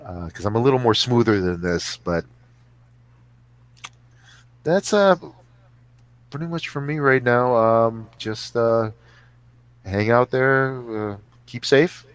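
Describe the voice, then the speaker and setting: A man's voice: mid-range voice, a little slow, clear, resonant tone, no echo. A man chatting casually as a podcast guest over a remote call, rambling and joking with frequent laughs. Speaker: guest actor.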